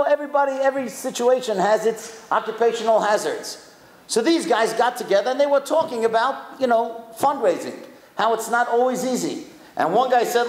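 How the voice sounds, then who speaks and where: A man gives an animated talk to an audience in an echoey synagogue hall. His voice sits high and swings widely as he acts out each quoted line with energy. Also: gravelly. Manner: lively, acts out quotes with big pitch swings. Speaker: rabbi lecturer. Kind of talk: animated storytelling lecture.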